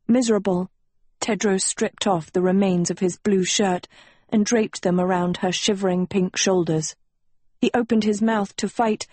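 A woman narrating a story in a measured, slow reading voice. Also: medium pitch, steady tone, darkish tone, husky, dry recording. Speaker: audiobook narrator. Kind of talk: scripted narration.

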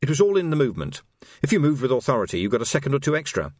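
A man reading a novel aloud as an audiobook narrator, expressive and story-paced. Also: mid-range voice, racing, dry recording.

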